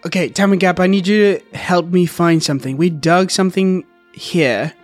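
A man's voice: sits high, steady tone, moderate pace, faint music behind. A man playing a tabletop game, joking around and laughing a lot. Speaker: player.

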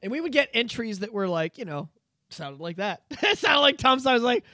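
Man from Canada, high-pitched, dry close sound, animated swearing rant, podcast host. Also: moderate pace, no echo. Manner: animated, profane ranting with repetitions. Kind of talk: casual political chat.

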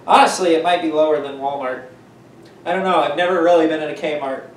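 A man's voice: on the high side, brisk. A man co-hosting a casual gaming podcast who jokes, swears and laughs often. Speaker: podcast co-host. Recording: echoey room, distant mic, faint noise.

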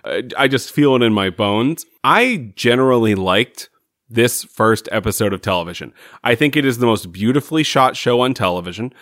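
A man's voice: mid-range voice, animated, moderate pace, a bit bright, no room sound, studio quality. A man co-hosting a podcast, chatting casually and wryly about a TV episode and laughing often. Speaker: podcast co-host. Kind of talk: casual chat reviewing a TV episode.

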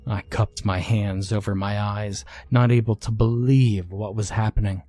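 Male horror narrator, low voice, unhurried, hushed. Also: fairly even intonation, no echo. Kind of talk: scripted horror story narration.

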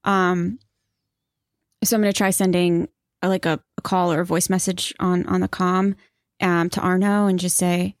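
A woman's voice: on the low side, level tone, moderate pace, no echo, studio quality. A woman playing a tabletop game who speaks hesitantly and sounds unsure. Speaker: player.

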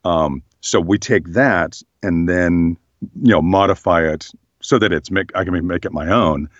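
Casual guest: hoarse, very deep-voiced man, reflective, on a muffled lo-fi track. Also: unhurried, no room sound. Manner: relaxed, thoughtful, many fillers. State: slightly hoarse. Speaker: voice actor guest. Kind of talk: casual interview chat.

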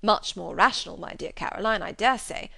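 A woman voicing a cheerful, eager young gentleman who speaks in a hearty, decisive way. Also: mid-range voice, a little fast, creaky, no echo.

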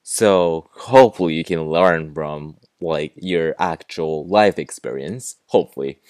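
A young man with a Japanese accent hosting a casual podcast, explaining slang with relaxed fillers and self-corrections. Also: very deep voice, measured pace, dry recording, clean studio sound. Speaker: podcast host teaching slang.

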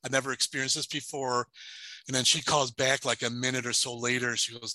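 Very bright-voiced man telling a tale. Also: mid-range voice, steady tone, no echo, low-quality recording. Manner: halting, repeats words and restarts. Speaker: paranormal investigator, podcast guest. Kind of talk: telling a personal story in an interview.

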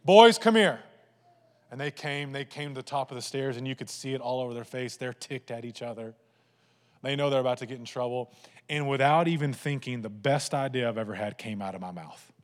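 A pastor preaching a sermon, telling funny family stories to his congregation in an animated way. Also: mid-range voice, a little fast, long reverb tail. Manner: animated, humorous storytelling to a congregation.

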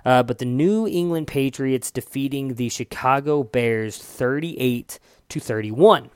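Speaking at a measured pace in a clean, medium-pitched voice, a young man runs a relaxed fantasy football podcast. The studio recording is dry. He's chatty and loose, sometimes cursing and fixing his own mistakes when reading out stats.

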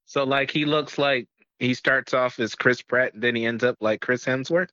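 A man's voice: medium pitch, normal speed, bright, forceful tone, no room sound. A man co-hosting a casual movie review podcast, joking and chiming in with wry remarks. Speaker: podcast co-host. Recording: dull lo-fi mic.

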